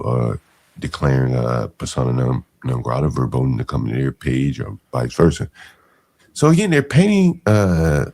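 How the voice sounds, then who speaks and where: A man's voice: rumbling low, dark tone. A man giving live stream commentary, mocking and incredulous as he reacts to clips.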